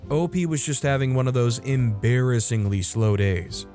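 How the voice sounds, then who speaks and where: A man reads out online stories in an easygoing, conversational way, breaking off now and then for chatty asides of his own. His voice sits at a middling pitch for a man, and faint music plays quietly under his narration. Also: expressive, normal speed. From United States. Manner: conversational, chatty asides between read passages.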